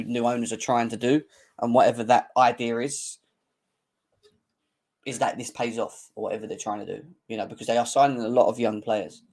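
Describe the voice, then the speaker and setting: A young man hosting a live football fan stream, bantering and mocking rival fans in slangy, excitable talk. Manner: mocking banter, slangy, laughs often, mimics rival fans in squeaky voices. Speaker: football channel host.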